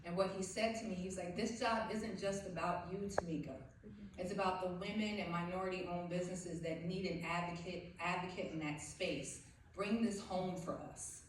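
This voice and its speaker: Woman from south jersey, award acceptance speech, heartfelt and grateful, lowish voice, heavy hall echo. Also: slight background noise. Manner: heartfelt, grateful, faith-filled. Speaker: award recipient. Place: event hall stage. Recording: very echoey hall, far from the mic.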